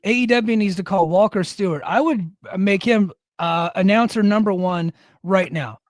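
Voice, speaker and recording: Blunt, higher-voiced male podcast co-host. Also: normal speed, no room sound, clean studio sound. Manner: blunt, opinionated, swears freely. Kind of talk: casual chat.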